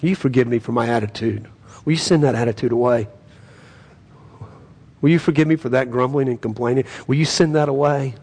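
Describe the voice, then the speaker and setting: A man's voice: mid-range voice, brisk, pauses often, darkish tone, husky. A man preaching as a pastor and praying in an earnest, pleading way, his emphasis swelling. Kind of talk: sermon and prayer.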